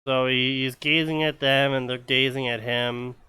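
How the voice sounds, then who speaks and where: Bright rambling male podcast host. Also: medium pitch, steady tone, moderate pace, clean tone, dry recording. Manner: rambling, many fillers and restarts. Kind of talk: casual fanfiction commentary.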